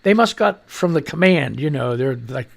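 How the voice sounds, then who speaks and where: Gravelly, animated male radio host. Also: on the high side, normal speed. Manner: rambling, joking, reads headlines and posts aloud. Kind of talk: rambling comedic news commentary.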